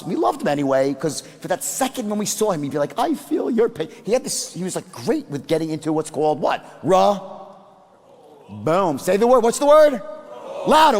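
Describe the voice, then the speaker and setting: A man's voice: on the high side, darkish tone, in a large hall. A man giving a sales seminar to a live audience, speaking emphatically and quizzing the crowd.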